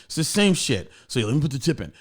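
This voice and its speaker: A comedian guest on a podcast, a man with a medium-pitched voice, tells stories at a quick clip in casual chat. He's animated, acting out the voices of the people involved and swearing a lot.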